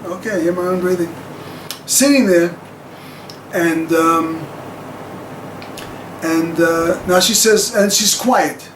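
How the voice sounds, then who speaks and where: A man's voice: high voice, slow pace, long pauses, a bit bright, echoey room, slight background noise, poor audio. A man telling a personal story to camera in a rambling, chuckling way with plenty of fillers.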